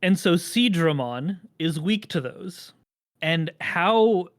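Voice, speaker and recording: Podcast host, talks at a middling pitch, meanders through long explanations, dry humor. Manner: rambling, enthusiastic explainer with dry jokes. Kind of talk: casual podcast chat.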